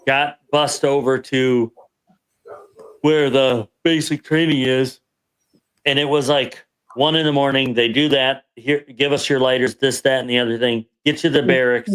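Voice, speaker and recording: A man's voice: medium pitch, steady tone, measured pace, fairly bright tone, clean tone. A man, a veteran guest on a podcast, telling a story from his service in a casual, rambling way with frequent restarts. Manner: rambling, restarts and self-corrections.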